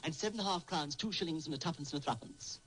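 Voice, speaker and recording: A man's voice: a little high, fast, fairly bright tone, natural voice. An actor playing a prim, fussy male tutor in an old radio comedy, speaking. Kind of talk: 1940s radio acting. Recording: noisy old radio broadcast.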